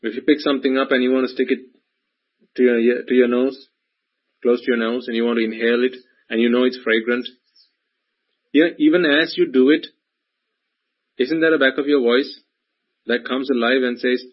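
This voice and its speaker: Husky man giving a dharma talk. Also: mid-range voice, fairly even intonation, moderate pace, long pauses. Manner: repetitive, full of rhetorical questions. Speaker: Buddhist teacher. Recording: dull lo-fi recording.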